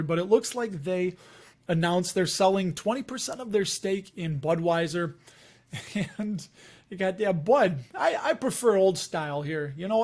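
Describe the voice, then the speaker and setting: A man's voice: high-pitched, darkish tone. A man with a Chicago accent hosting a casual livestream, rambling and chatty, laughing often as he talks to viewers. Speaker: investing livestream host.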